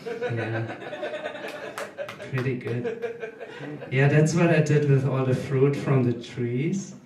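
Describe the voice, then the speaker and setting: German comic, 30s, German accent, deadpan and halting, drawn-out delivery in an echoey room. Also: male voice, medium pitch, far from the mic, a loud crowd. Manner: hesitant, deadpan, halting with many ums. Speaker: stand-up comedian. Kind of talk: stand-up comedy set. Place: small live comedy venue.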